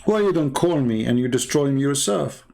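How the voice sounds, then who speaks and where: A man's voice: mid-range voice, expressive, moderate pace, gravelly, a little mellow. A man hosting a livestream, talking in a combative, mocking way and challenging his listeners. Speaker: livestream host. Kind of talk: taunting livestream monologue.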